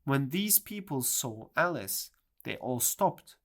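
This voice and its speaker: A reader narrating a storybook in a clear, measured delivery. Their pitch moves up and down widely as they go. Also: sing-song, a bit bright. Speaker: audiobook reader.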